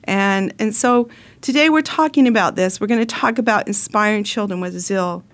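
A woman's voice: mid-range voice, moderate pace. A middle-aged woman host telling a personal story in an earnest, heartfelt way, often restarting her sentences.

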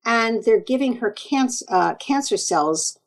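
A woman naturopathic doctor speaking as an interview guest, earnest and animated, often acting out quoted exchanges. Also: a little high, slow pace, poor audio. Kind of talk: conversational interview.

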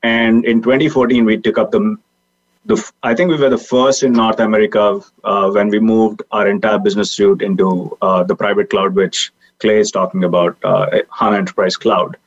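A man's voice: lowish voice, fairly even intonation, normal speed. A man speaking earnestly as a podcast guest over a video call, with frequent fillers. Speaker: guest, technology leader. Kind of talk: casual interview talk. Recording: dull lo-fi video call audio.

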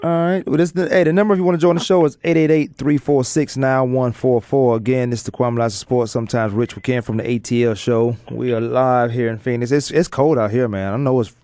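A man's voice: medium pitch, steady tone, fast, hardly any pauses, warm tone, no room sound. A man hosting a live sports talk show, chatting loosely and joking, with lots of fillers and restarts. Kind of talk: casual sports radio chat.

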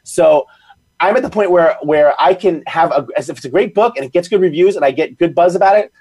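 A man chatting as a podcast guest, telling stories in quick bursts with lots of restarts. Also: fairly high pitch, slightly rough. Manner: rapid, animated storytelling with frequent restarts. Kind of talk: casual chat.

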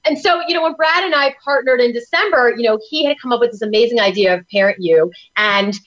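A woman's voice: on the high side, fast, a bit bright, lo-fi sound. A woman from New York, a parenting coach, talking as an upbeat, salesy guest on a talk show. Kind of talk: enthusiastic talk-show chat. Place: studio in Tampa.

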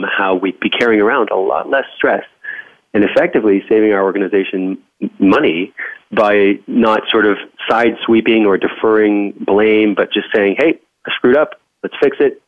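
A man guest talking casually and upbeat about play at work, with many restarts. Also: fairly low pitch. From Canada. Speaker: podcast guest, speaker on workplace play. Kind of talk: casual interview talk. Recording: tinny phone line.

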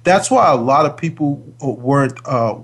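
A man's voice: mid-range voice, animated, moderate pace. A man in his forties, a former pro football player, co-hosting a casual sports talk show and ranting emphatically about calls and teams. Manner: emphatic, exasperated ranting with repeated words.

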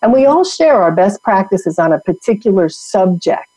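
Motivational podcast guest, woman, emphatic coaching delivery, mellow tone, dead-dry sound. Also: medium pitch, big pitch swings, normal speed, husky, no room sound, poor audio. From New York. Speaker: guest, women's network founder.

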